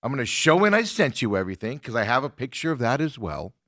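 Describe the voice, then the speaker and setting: A man hosts a talk show in casual chat, retelling a frustrating call. His bright, forceful voice rides a lively pitch as he quotes both sides. The sound is dry and close. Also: quick pace, no room sound. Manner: animated, indignant retelling with quoted exchanges. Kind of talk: casual chat, telling a story.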